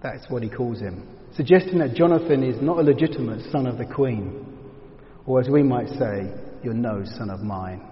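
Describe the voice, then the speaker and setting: A man teaching verse by verse through a Bible passage, reflective and explanatory, often dropping to a hushed tone for emphasis. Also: mid-range voice, moderate pace. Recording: dull reverberant hall sound.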